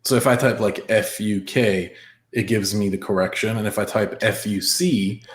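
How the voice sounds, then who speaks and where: Rambling, low-voiced podcast host. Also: male voice, a little fast, echoey room. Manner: loose, rambling, swears freely. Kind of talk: casual chat.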